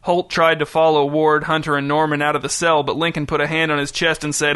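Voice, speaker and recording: A man narrating a novel in a steady, clear storytelling manner. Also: a little high, brisk, few pauses. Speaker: audiobook narrator. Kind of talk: scripted narration.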